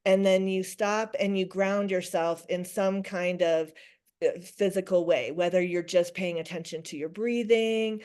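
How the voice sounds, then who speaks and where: A woman's voice: fairly low pitch, fairly even intonation, measured pace, darkish tone, clean tone. A middle-aged woman speaking as a podcast guest, talking things through reflectively with frequent restarts. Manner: reflective, many restarts and quoted self-talk. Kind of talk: conversational interview.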